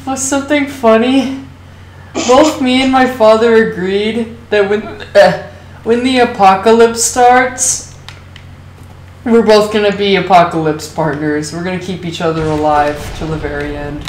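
A woman's voice: medium pitch, fairly even intonation, a little slow. A woman chatting casually while gaming on a voice call, giggly and rambling, tired and hiccuping. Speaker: gamer on a voice call. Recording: roomy echo with faint noise.

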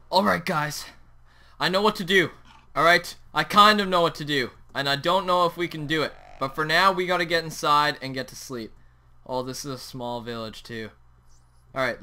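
A young man hosting a Minecraft let's play, talking excitedly over his gameplay and yelping at sudden moments. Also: a little high. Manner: excitable, yelps and shouts at the game. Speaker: gaming channel host.

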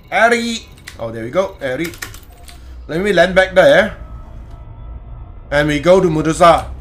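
Man, game streamer, bright forceful voice, slightly high, casual swearing banter. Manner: loose, swearing, laughing banter with chat. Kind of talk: casual live-stream chat while gaming.

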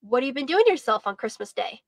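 A woman reading aloud as a young boy who is proud of his skates and quick to defend them. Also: high voice, sing-song, no room sound, full character voice.

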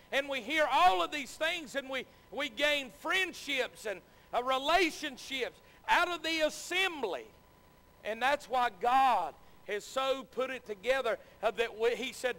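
High, bright preacher in a church. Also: male voice. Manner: repetitive, earnest preaching with frequent amens. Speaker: pastor. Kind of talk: sermon. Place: church sanctuary. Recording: long echo of a church hall.

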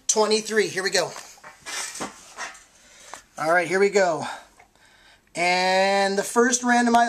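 A woman hosting a sports card giveaway in a casual vlog, talking eagerly with lots of fillers and self-corrections. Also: fairly low pitch.

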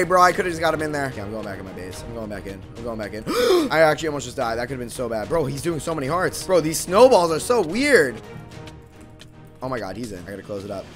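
A young man giving casual live gameplay commentary, excitable and quick to burst into shouts and panicked repeats. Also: medium pitch. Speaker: gaming YouTuber.

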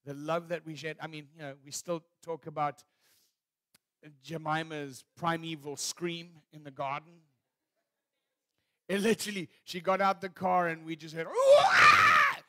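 A male pastor with a fairly high voice preaches at normal speed, telling stories with warm humor. He narrates animatedly, acts out scenes, and laughs at his own stories.

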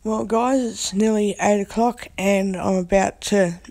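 A woman with a hoarse, croaky voice, chatting casually in a vlog from her bed, recorded on a phone. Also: medium pitch, steady tone, measured pace, a little mellow. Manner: rambling, chatty. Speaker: vlogger. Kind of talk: casual chat. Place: in bed at home.

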